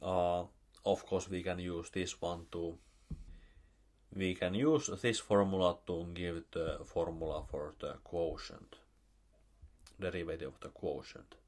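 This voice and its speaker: A man with a Finnish accent giving a recorded math lecture, explaining step by step with many pauses and fillers. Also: sits low, fairly even intonation, darkish tone. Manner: slow, halting, with many fillers.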